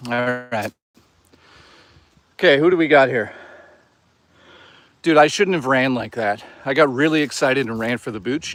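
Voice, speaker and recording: A man talking casually to his live chat while walking outdoors in the woods, excitable, joking and swearing a lot. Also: medium pitch, measured pace, pauses often, a little hiss or hum. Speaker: live streamer. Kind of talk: casual live-stream chatter.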